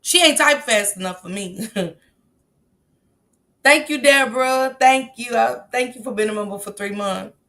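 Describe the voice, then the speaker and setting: Bright-voiced woman chatting on a livestream. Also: fairly high pitch, measured pace, pauses often. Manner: emphatic, reacts aloud to viewer comments; laughs often, blunt and profane. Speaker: livestream host reading viewer chat. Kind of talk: casual livestream chat.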